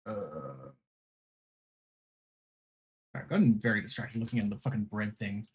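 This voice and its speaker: A man's voice: lowish voice, fairly even intonation, fast talker, darkish tone, husky. A man with an Australian accent, chatting casually on a livestream, swearing freely and laughing often as he talks. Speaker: streamer.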